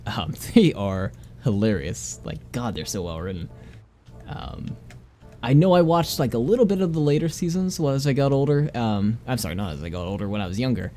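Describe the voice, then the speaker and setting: A man's voice: medium pitch, expressive, normal speed, mellow, soft background music. A young adult man chatting casually as a streamer while he plays, rambling and laughing easily. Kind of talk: casual gameplay commentary.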